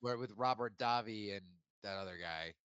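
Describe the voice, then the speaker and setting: A man co-hosting a podcast, chatting casually and excitedly about a movie. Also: lowish voice, moderate pace, clear, resonant tone, no echo, highs cut off. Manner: animated, quotes movie lines. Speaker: podcast co-host.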